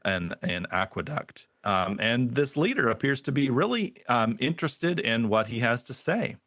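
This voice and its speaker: A man narrating a tabletop game as game master, halting and full of fillers. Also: mid-range voice, lively intonation, a bit bright, no echo, clean studio sound. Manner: halting, with many fillers and restarts.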